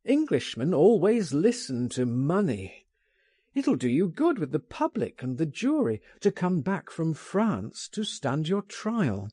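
A man voicing an urgent, impatient friend pleading and insisting, raised and animated in a storybook reading. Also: on the high side, unhurried, breathy edge, no room sound, studio quality, voice pushed up, exaggerated voice.

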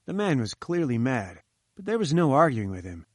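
A man reading a first-person story aloud in a measured, earnest manner. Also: medium pitch, very animated, dry recording, studio quality. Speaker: audiobook narrator.

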